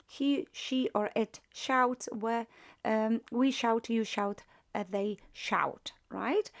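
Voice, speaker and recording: Slow, patient Polish-accented woman teacher. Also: on the high side, fairly bright tone. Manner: patient, repeats "right?" after each point, many fillers. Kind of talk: grammar lesson explaining verb conjugation.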